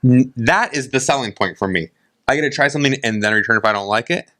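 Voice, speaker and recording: Bright-voiced man telling a story. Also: mid-range voice, fast, no echo, studio quality. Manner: animated storyteller who acts out exchanges. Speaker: podcast co-host. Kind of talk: casual chat over whiskey. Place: indoor studio set, on camera.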